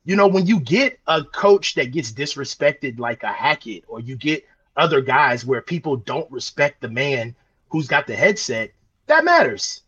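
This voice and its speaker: A man's voice: medium pitch, lively intonation, normal speed, a bit bright, breathy edge. A man co-hosting a sports podcast, insistent and interrupting, repeating himself in a heated casual debate. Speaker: podcast co-host. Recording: dull lo-fi mic.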